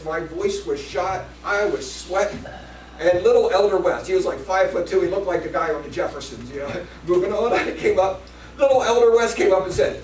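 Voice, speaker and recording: A man preaching a sermon as pastor, swinging between loud passages and hushed ones. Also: high voice, normal speed, a little hiss or hum. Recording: echoey room from a distance.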